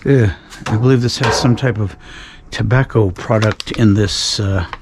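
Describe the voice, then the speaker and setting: A man's voice: lowish voice, slow pace. A man narrating his night dumpster dive in a casual vlog, rambling with dry sarcasm and the odd sigh, recorded outdoors at night. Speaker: dumpster-diving vlogger. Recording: outdoor recording with clear background noise.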